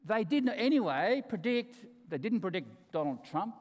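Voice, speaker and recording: A very animated man with a fairly high voice gives a conference keynote at normal speed. He tells stories with emphasis and humour before slipping into quiet asides, and the large hall's long reverb trails after his words.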